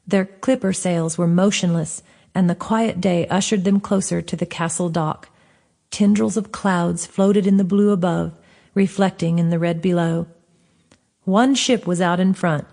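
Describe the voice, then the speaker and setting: A woman narrating her own fantasy book as an audiobook, in a steady, clear reading voice with a gentle lilt. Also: lowish voice.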